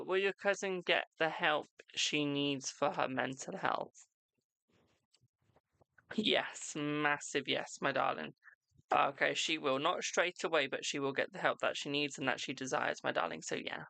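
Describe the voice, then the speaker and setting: British guy doing tarot on a live stream, gravelly, chatty, "my darling" to everyone. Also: a little high, fairly even intonation, sharp tone, no echo. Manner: affectionate, calls viewers "my darling"; chatty, reads questions aloud and answers quickly.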